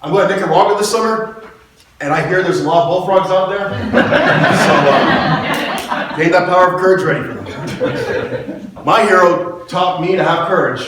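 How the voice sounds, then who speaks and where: A man with a fairly high voice gives a storytelling motivational speech, playful and self-mocking. He laughs often. His voice comes from a distance and rings around a very echoey hall. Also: normal speed, long pauses, heavy background noise. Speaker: public speaker. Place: hall with an audience. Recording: echoey hall, mic far off.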